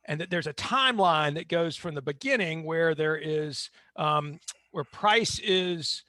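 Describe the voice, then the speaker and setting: A man hosting a podcast who thinks out loud in a casual way and swears lightly. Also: a little high, animated, unhurried, no echo, clean studio sound. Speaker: podcast host.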